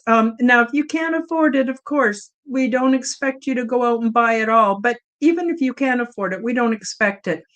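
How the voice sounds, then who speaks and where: A woman hosting an interview, affirming and openly emotional as she talks to her guest. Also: fairly high pitch. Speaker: host. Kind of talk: casual interview talk.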